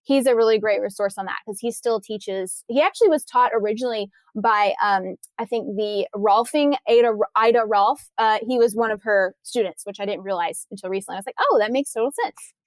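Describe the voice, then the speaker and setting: A woman appears as a guest on a casual podcast interview, a corrective exercise trainer telling stories with enthusiasm and frequently restarting her sentences. Her mid-range voice moves a little fast with few pauses, and there's no echo.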